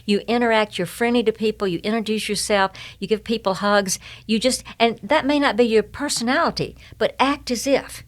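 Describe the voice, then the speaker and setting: A woman's voice: on the high side, brisk, few pauses. An older woman with a Southern US accent, telling stories as a guest in a casual interview with folksy jokes and sayings. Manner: animated, joking, folksy sayings. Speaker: guest, humorist and speaker.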